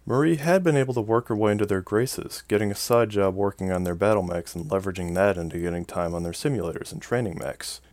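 A man narrating a science fiction story in an even, measured way. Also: low-pitched, dry recording. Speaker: audiobook narrator. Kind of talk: scripted narration.

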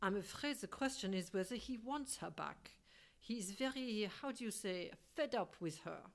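A woman reading an audiobook, voicing a refined, unflappable middle-aged gentleman who speaks politely and calmly. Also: mid-range voice, moderate pace, vocal fry. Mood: composed. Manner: polite, composed and courteous.

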